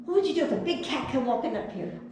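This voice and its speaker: A woman puppeteer giving a children's puppet show, gently coaxing and talking to her puppet. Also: high-pitched, lively intonation, fast talker, a little hiss or hum. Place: chapel. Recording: echoey chapel from far off.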